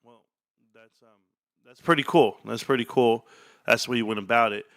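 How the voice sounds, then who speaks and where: A man hosting an investing chat, telling a store story with lively acted-out dialogue. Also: mid-range voice, normal speed. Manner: animated storyteller acting out shop dialogue. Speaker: stock channel host.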